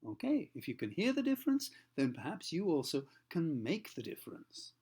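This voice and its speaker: A man teaching pronunciation, explaining patiently, slowing down to demonstrate sounds and often checking in with the listener. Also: a little high, wildly swooping pitch, a little mellow, breathy edge. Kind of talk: explanatory lesson for learners.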